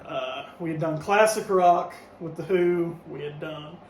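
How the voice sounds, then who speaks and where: Casting: high-pitched male podcast co-host reading review notes, far from the mic in an echoey room, faint noise. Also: unhurried. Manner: reads review notes with frequent laughs and fillers. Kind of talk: casual review chat, partly read from notes.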